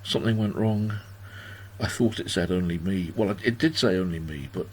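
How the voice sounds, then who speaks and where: A man's voice: deep voice, moderate pace, breathy edge. A man in his sixties hosting a livestream party from home, chatting in a rambling, self-deprecating way as he reads out viewers' comments. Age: 60s. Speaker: host of a livestream birthday party. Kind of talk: casual chat.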